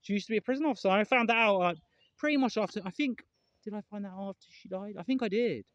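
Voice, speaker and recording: A man's voice: sits high, fast, fairly bright tone, no room sound, muffled recording. A man talking to camera in a casual, rambling vlog, earnest and emotional, often repeating himself and swearing. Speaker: vlogger.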